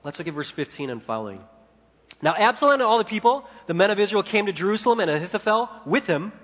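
A pastor delivers a sermon in a high voice, rising to loud peaks and dropping to near hushes. The sound rings with a long reverb from a large hall. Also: male voice, big pitch swings, fast. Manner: preaching with swings between loud and hushed.

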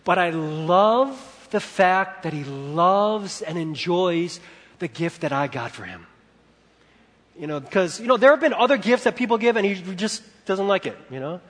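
A man preaching a sermon as a pastor, telling stories with animation and moving between loud and hushed delivery. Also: high-pitched, animated, unhurried, big-room sound.

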